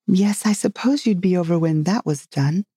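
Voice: medium pitch, expressive, unhurried, gravelly, dark tone, husky, dry recording, clean studio sound, pitched above the performer's own voice, heavily acted. A reader voicing a polite, curious young girl in a storybook reading, raising the voice for her exclaiming lines.

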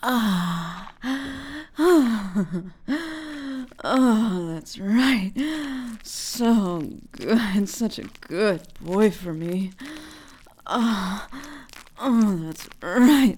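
A possessive young girlfriend, acted by a woman, in a whispered role-play. Her voice sits at an ordinary middle pitch, hushed and breathy, and she lingers on each phrase at a very slow pace. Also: heavily acted. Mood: doting.

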